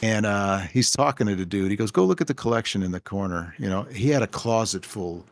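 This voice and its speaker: Low-voiced man telling rambling stories. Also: animated, a little fast. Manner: rambling anecdotes with acted-out quoted dialogue. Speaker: game store owner, podcast guest. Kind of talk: casual podcast storytelling.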